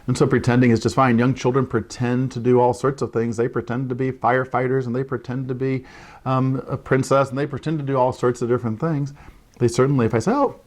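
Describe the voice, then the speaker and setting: A man with a mid-range, darkish voice and flat delivery speaks at a quick pace. As an early childhood literacy educator, he instructs parents on early writing steps, asking "right?" often and modeling the lines he uses with children.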